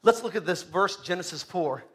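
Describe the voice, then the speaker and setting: A male pastor preaching a sermon, dropping to hushed low asides and rising to shouted exhortation, calling on the congregation to answer him. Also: lively intonation, moderate pace. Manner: calls for congregation responses.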